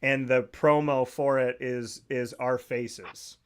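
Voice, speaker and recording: A man hosting a casual talk show, telling lively stories and mentioning that he does impressions. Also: medium pitch, takes it slowly, crowd noise. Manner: animated storyteller who does impressions. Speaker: show host.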